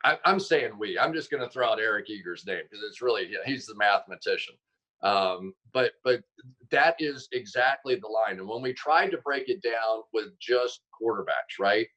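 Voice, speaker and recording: A man, a football analyst guest on a sports talk show, telling stories casually and acting out quotes with sudden jumps in pitch. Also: bright, forceful tone, poor audio.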